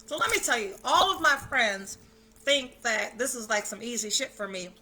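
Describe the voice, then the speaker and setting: A woman's voice: fairly high pitch, lively intonation, moderate pace, noisy background. A woman hosting a self-care livestream from home, chatting casually, greeting viewers by name with big enthusiasm and the odd swear word. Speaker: self-care challenge host. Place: at home, indoors.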